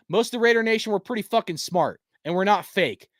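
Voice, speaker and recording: A man with a high voice rants hard about his football team, swearing constantly and talking in quick slangy bursts. He speaks close to the mic in a dead, dry room. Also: lively intonation, no echo. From US West Coast. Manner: heated, cursing, rapid-fire, slangy. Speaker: fan channel host. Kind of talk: profane sports rant.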